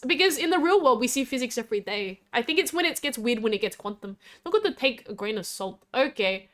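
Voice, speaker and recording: A woman's voice: medium pitch, lively intonation, fast, few pauses, fairly bright tone. A young Australian woman streaming as a VTuber, chatting casually with a rambling, giggly way of talking as she reads chat aloud.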